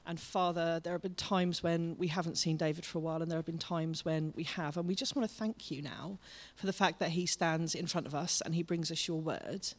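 A man leading an earnest, halting spoken prayer in church. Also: a little high, steady tone. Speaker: congregation member leading prayer.

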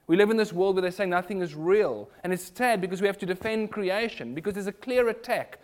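A man with a South African accent preaching a sermon in an animated, rhetorical way. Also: high-pitched, fairly quick. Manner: animated, rhetorical, mimics other voices in quotes.

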